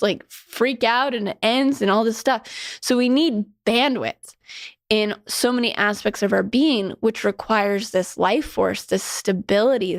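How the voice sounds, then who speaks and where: A woman's voice: a little high, gravelly, dry recording, clean studio sound. A woman giving a casual spiritual talk as a teacher. She is chatty, fills her speech with many "like"s and laughs often as she goes. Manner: laughs often while talking.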